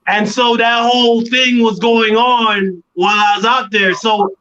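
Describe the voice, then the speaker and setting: A man telling a long studio story in a casual interview, animated and acting out what others said. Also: very high voice, measured pace, slight background noise. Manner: animated storyteller, acts out quoted voices. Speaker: guest artist. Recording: dull lo-fi sound.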